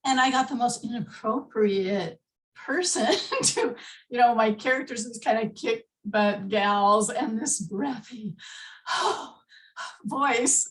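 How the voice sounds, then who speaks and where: A woman author telling a frank, animated story during a video call. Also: a little high, unhurried, recorded from a distance, poor audio. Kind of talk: casual video call conversation.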